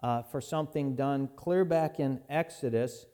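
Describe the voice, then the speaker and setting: A man's voice: medium pitch, a little slow, dark tone, clean tone. A man preaching a sermon as pastor in a church, folksy and conversational, often restarting his phrases.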